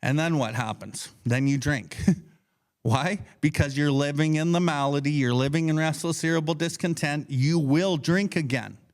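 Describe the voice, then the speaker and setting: Brief: male podcast co-host, fairly high voice, blunt and profane, teaches casually and acts out his inner voice. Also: moderate pace. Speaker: podcast co-host leading a recovery book study.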